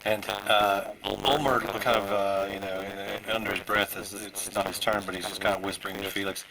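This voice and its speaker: A man's voice: on the low side, little pitch movement, brisk, few pauses, crowd noise, low-quality recording. A man playing a tabletop game, describing his moves hesitantly with many fillers. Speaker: player.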